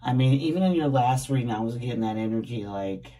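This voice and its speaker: A woman's voice: extremely low pitch, expressive, fast, dark tone, distant mic. A woman tarot reader chatting casually to her viewers in a groggy, just-woken voice, laughing often and calling them babies. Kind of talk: casual tarot reading to camera.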